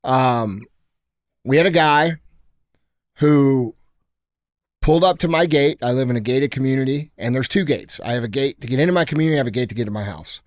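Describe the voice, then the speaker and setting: Blunt, profane podcast host. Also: male voice, medium pitch, a little fast, pauses often. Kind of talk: casual podcast storytelling. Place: podcast studio.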